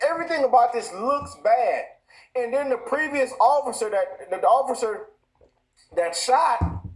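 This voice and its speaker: This show host's voice is very high, and the audio quality is poor. He's a man delivering impassioned commentary, ranting in a heated, repetitive way with frequent restarts.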